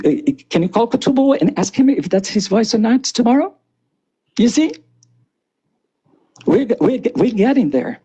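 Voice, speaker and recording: A man's voice: high voice, warm tone, husky, muffled recording. A man in his sixties arguing on a live stream, insistent and repetitive. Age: 60s. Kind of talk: heated live stream argument.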